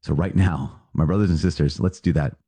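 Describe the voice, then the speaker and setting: A man, a priest, giving an earnest sermon-style reflection on a podcast with lively asides. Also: a bass voice, brisk, breathy edge, no echo.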